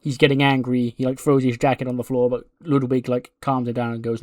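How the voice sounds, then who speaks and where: A man's voice: medium pitch, level tone, a little fast, a little mellow, dry recording, clean studio sound. A man narrating a wrestling management game in loose, chatty fashion, laughing at himself. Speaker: gaming video creator. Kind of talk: casual let's-play narration.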